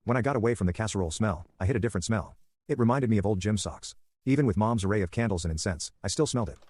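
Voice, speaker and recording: A man narrating first-person horror stories in a brisk, matter-of-fact scripted read. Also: lowish voice, lively intonation, a little mellow, breathy edge.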